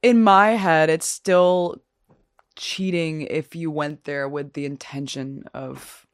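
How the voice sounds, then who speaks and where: A woman's voice: deep voice, fairly even intonation, dry recording, clean studio sound. A young woman guest on a podcast, chatting casually and agreeably. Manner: agreeable, quick to back up the host.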